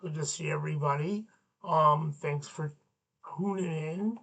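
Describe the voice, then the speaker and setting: Slow-talking, goofy man as a kids' show teacher who jokes with puppets. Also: on the high side, vocal fry, fairly bright tone. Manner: goofy, playful banter with puppets. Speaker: children's show host and teacher.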